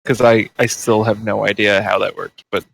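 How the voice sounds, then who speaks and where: A man playing in a tabletop game, making wry, quick asides in casual chat. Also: on the low side, little pitch movement, vocal fry, fairly bright tone, rough recording. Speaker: player.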